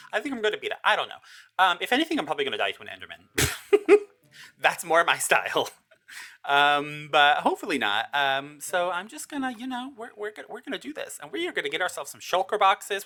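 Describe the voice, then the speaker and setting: Animated, excitable gameplay commentator. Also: medium pitch. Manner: chatty and excitable, jumps between nervous muttering and loud outbursts; talks straight to viewers. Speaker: gaming video creator.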